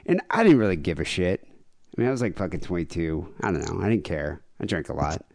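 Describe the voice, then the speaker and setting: A man's voice: low voice, big pitch swings, fast talker, gravelly, darkish tone, no echo, studio quality. A man in his thirties co-hosting a podcast, telling a rambling, self-deprecating story with frequent laughs. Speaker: podcast co-host. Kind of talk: casual chat, storytelling.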